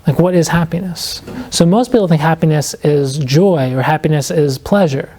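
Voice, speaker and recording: A man, an author guesting on a podcast, explaining his ideas earnestly and reflectively, slowing down to stress key points. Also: fairly high pitch, mellow. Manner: fills speech with "like" and quoted inner questions.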